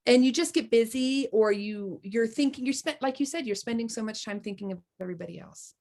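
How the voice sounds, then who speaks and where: Laughing, high-pitched chatty woman. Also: brisk. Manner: animated storyteller, laughs often, trails off mid-sentence. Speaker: co-host of a wellness group chat. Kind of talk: casual chat.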